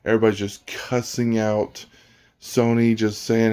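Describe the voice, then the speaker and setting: A man's voice: on the low side, a little slow, long pauses, a little mellow. A man vlogging about games in a blunt, rambling casual rant, often restarting his sentences. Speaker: gaming vlogger.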